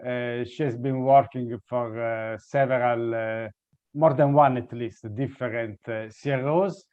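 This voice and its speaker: A man's voice: medium pitch, fairly even intonation, measured pace, a little mellow, smooth. A man moderating an online panel, apologizing and stumbling over repeated words before introducing the first speaker. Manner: apologetic, hesitant, stumbling repetitions. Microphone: video call. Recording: dull lo-fi video call audio.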